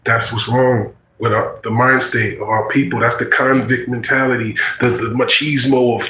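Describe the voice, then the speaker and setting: A man's voice: medium pitch, level tone, moderate pace, hardly any pauses, bright, forceful tone, reverberant, rough recording. A man in his forties telling a personal story in casual, slangy talk, acting out the voices he quotes.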